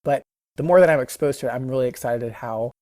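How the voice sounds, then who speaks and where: A chatty learner walks through new Mandarin phrases, thinking aloud and correcting themself mid-sentence. The voice sits at a middling pitch. The sound is dry and close, with no room around it. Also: fast talker, darkish tone, dry recording. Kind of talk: casual video diary of language practice.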